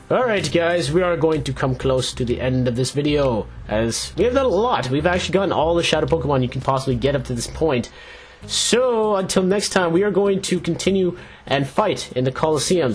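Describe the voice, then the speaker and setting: A young man hosting a video game playthrough, chatting casually and rambling as he reads the on-screen dialogue aloud. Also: on the high side. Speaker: Let's Play host. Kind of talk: casual gameplay commentary.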